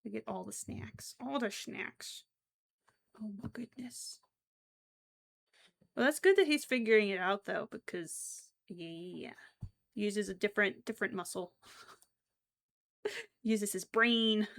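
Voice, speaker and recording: Young woman, unhurried speech, vocal fry, giggly, casual streaming chat. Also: medium pitch, fairly bright tone. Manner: chatty, giggly, exclaims often. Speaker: crochet streamer. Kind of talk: casual chat while crocheting.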